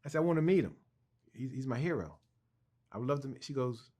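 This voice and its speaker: A middle-aged man, a cartoonist guest, telling a long personal story in an interview, animated and stumbling over restarts. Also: mid-range voice, fast talker.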